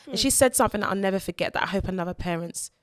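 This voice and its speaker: A woman co-hosting a podcast, telling a personal story in an earnest, halting way, repeating words as she gathers herself. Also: mid-range voice, dry recording, studio quality. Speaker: podcast co-host and mother.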